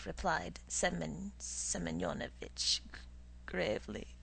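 A woman narrating a short story aloud in an expressive way. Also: on the low side, a little slow, creaky, rough recording.

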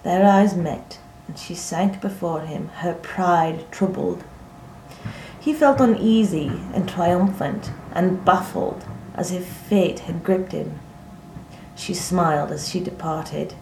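A woman narrating a literary story aloud in a measured, expressive reading. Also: on the low side, vocal fry. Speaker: audiobook narrator. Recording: echoey room, faint noise.

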